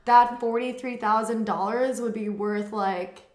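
A young woman co-hosting a podcast, joking with puns and asking quick follow-up questions. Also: on the high side, steady tone, noisy background. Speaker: podcast co-host. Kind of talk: casual chat. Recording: echoey room.

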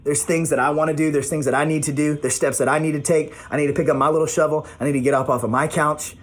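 Husky-voiced man, slightly high, casual motivational vlogger at home, repetitive and encouraging. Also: steady tone, quick pace. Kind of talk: casual motivational talk to camera.

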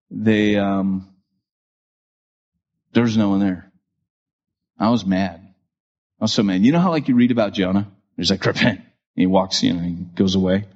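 A male podcast host telling a story in an animated way, with many fillers and restarts. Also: on the low side, highs cut off.

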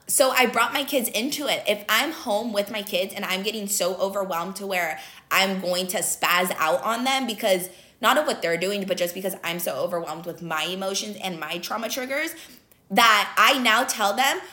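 A woman's voice: mid-range voice, normal speed, pushed and bright. A young woman talking earnestly about personal growth, emphatic and casual, with lots of fillers. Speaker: motivational speaker. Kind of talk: casual motivational talk.

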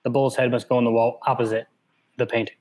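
A man voicing a poised, wary noble lady while reading a novel aloud in casual chat, in a measured, guarded way. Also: medium pitch, level tone, darkish tone, close to an everyday voice.

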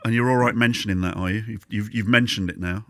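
Low-voiced man teasing a friend. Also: fast, a bit bright, no room sound. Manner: teasing, sarcastic banter with frequent laughs. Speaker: podcast host. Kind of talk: casual chat.

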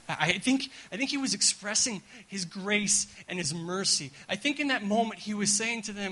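Bright-voiced, animated male preacher. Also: high voice, moderate pace, hardly any pauses, poor audio. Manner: animated, repeats words, keeps asking "right?". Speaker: guest pastor. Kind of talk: sermon. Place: church gathering.

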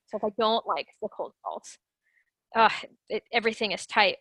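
A woman speaking as an interview guest, explaining things in an animated way and acting out her own inner voice. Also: medium pitch, moderate pace, dry recording, low-quality recording. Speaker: guest, sales development rep. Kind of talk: conversational interview.

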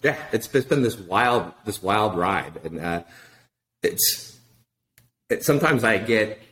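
A middle-aged man tells a story in a relaxed interview. He swears freely and acts out each exchange. His pitch jumps high whenever he quotes someone. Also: slow. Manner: animated, profane, acts out quoted dialogue. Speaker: podcast guest, wine consultant.

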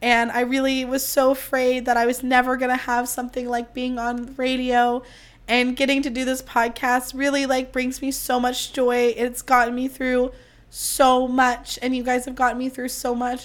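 Woman with a strained, squeaky voice. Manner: chatty, self-mocking, swears freely. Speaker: podcast host. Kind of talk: casual solo podcast chat.

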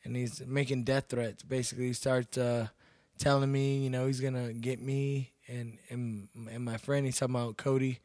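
A man's voice: mid-range voice, moderate pace, hardly any pauses, no room sound, studio quality. A man from Texas, an MMA fighter who works as a bouncer, telling stories casually and acting out what people said. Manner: animated, acts out quoted lines loudly. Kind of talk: casual storytelling.

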